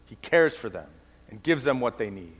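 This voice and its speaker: A male pastor with a cold, preaching a sermon and slowing down to stress key lines. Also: medium pitch, big pitch swings, in a large hall. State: has a cold.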